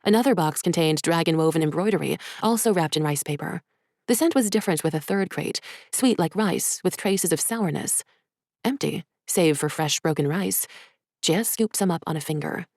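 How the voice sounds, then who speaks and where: A woman, an author, reading her own short story in soft, measured, hushed narration. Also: lowish voice, lively intonation, no echo, clean studio sound.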